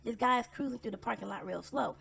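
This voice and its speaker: Blunt, sarcastic woman with gravelly fry. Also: a little high, fast talker, fairly bright tone. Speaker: vlogger telling personal stories. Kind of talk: casual storytelling monologue.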